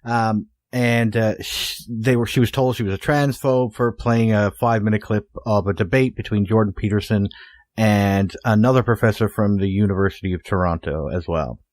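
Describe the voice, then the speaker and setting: A man co-hosting a podcast in casual chat, explaining hesitantly with many filler pauses. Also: lowish voice, fairly even intonation, darkish tone, no room sound. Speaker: podcast co-host.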